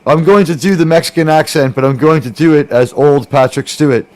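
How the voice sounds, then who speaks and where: A man with a fairly high voice trades jokes in a loose, rambling chat, breaking into laughter often. He keeps dropping into quick goofy impressions before going back to his plain voice. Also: a little mellow. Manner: joking, laughs often, slips into silly put-on voices. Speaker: host. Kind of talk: casual chat.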